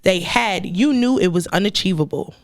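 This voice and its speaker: A woman co-hosting a podcast, teasing her guest and laughing often. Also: medium pitch. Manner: lively, quick to laugh, teasing. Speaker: podcast co-host. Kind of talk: casual podcast chat.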